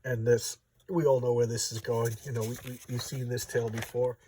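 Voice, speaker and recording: A man's voice: medium pitch, flat delivery, brisk, warm tone, far from the mic, a little hiss or hum. A man casually reviewing a comic book, stammering, repeating words and gushing over the art.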